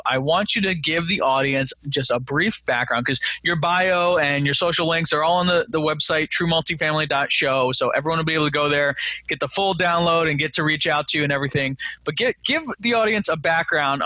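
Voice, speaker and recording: A man's voice: on the high side, sharp tone, no echo. A man hosting a podcast interview over a remote video call, chatty and upbeat, with plenty of fillers. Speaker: podcast host. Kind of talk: casual interview chat. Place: home setup in New Jersey.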